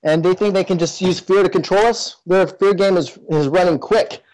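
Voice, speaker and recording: Earnest man with a slightly high voice. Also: moderate pace, darkish tone, rough recording. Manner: earnest, with many fillers and restarts. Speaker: guest. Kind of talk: casual interview talk. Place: in Toronto.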